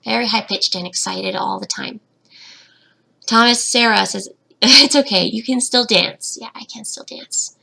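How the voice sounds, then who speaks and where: A woman's voice: a little high, unhurried, vocal fry, pushed and bright. A young woman hosting a casual livestream Q&A, reading chat comments aloud and giggling, her voice slightly cracking, into a webcam at home. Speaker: fish-keeping channel host, betta breeder.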